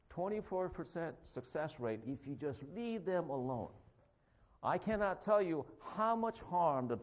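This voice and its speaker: A man who is a physician, giving a conversational sermon in a church, animated and joking as he acts out confrontations. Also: on the high side. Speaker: guest preacher, physician.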